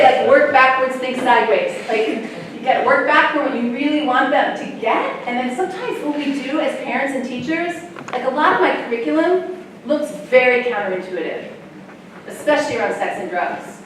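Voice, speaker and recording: A woman, a sex educator, giving a chatty, animated talk to parents and often laughing. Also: a little high, a little fast, slight background noise. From United States. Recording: echoey room, mic far off, faint ambience.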